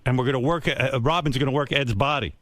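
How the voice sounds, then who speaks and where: An older man hosting a radio show, telling a crude comic story with brash boasting and quick mocking voices. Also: mid-range voice, fairly bright tone, a little hiss or hum. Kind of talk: crude comedic radio banter. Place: radio studio.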